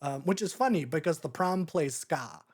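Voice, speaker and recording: Podcast host, casual movie review chat, rambling, animated, laughs often. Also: medium pitch, moderate pace, slightly rough.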